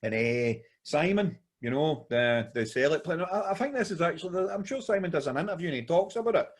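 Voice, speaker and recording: Fairly high-pitched, animated and a little quick, a Scottish man co-hosting a podcast chats casually while winding through a long story, referring to his friend as "mate."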